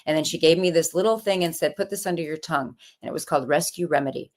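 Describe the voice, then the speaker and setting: A woman with a notably low voice tells her own story in a relaxed interview. She talks in an animated way, slipping into quoted voices as she recounts what people said to her. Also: quick pace. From California. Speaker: guest, author.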